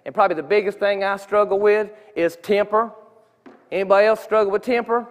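A man's voice: high voice, steady tone, brisk. A man giving an earnest, conversational testimony in a church sanctuary, often restarting his sentences. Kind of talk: informal sermon testimony. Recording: long reverb of a church hall.

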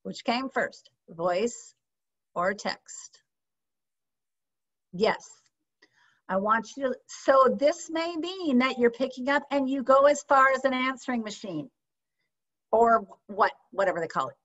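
A woman teaching a sales training session, lively and often checking in with her audience with questions. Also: fairly high pitch, slow, long pauses. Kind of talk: training session on a video call. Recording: slightly dull lo-fi sound.

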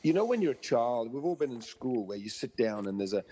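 Man, dog trainer guest, story-driven explanations, acts out quotes, middle pitch, reverberant recording. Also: very animated, brisk, mellow, slightly rough. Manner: explains through stories and analogies, acting out quoted voices. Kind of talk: interview conversation.

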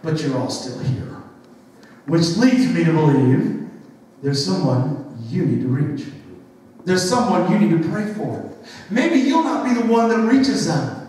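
A man's voice: a little high, lively intonation, unhurried, darkish tone. A man preaching a sermon as a youth pastor, telling stories animatedly and acting out the voices of the people in them. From western New York. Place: church sanctuary. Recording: echoey church hall from far off, faint noise.

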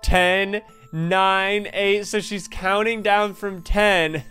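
Excitable young man commentating a game. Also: sits high, drawn-out words, clear, resonant tone, soft background music. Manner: excitable, jokey, exclaims often. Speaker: gaming video host.

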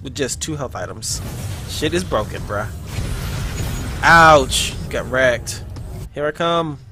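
A man's voice: mid-range voice, takes it slowly. Young man cursing over gameplay. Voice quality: profane, excitable. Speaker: gamer. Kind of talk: casual gameplay commentary. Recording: game music behind voice.

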